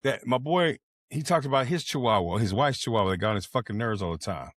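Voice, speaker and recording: A man's voice: medium pitch, expressive, quick pace, no echo. An older man co-hosting a casual chat, telling jokey stories with a lot of swearing. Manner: profane, joking storyteller. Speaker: podcast co-host. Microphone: video call.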